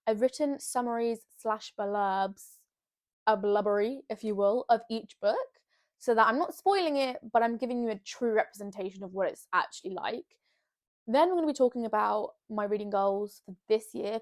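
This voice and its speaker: A young female vlogger talks to camera from her bed at a moderate pace, her voice on the high side. She's bubbly and rambling, poking fun at herself in casual bedroom chat.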